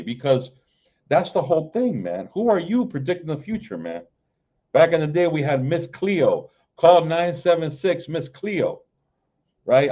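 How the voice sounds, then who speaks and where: Slow, dark-voiced man preaching casually. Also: mid-range voice, very animated, dull audio. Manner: repeats "man" and "right?", stammers and restarts, slow KJV reading. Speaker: livestream preacher. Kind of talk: informal street-style sermon.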